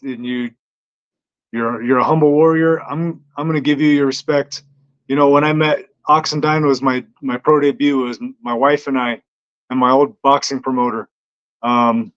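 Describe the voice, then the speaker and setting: A man's voice: mid-range voice, fairly bright tone. Easygoing male fighter telling stories. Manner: easygoing, hesitant, lots of ums. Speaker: bare knuckle fighter, guest. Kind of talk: casual interview storytelling. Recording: dull lo-fi sound.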